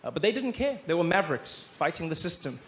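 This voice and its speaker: A man's voice: fairly high pitch, quick pace. A man in his thirties with a South African accent telling a stand-up story, acting out the people in it. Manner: animated storytelling, acting out characters with shifting voices. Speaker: stand-up comedian. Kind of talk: stand-up comedy set. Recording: echoey stage with audience noise.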